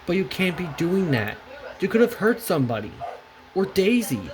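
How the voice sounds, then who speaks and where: Casting: woman as a fiery young boy tank engine, stammering bursts, low voice with lively swings. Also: moderate pace, noisy background. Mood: angry. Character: hot-tempered young male tank engine.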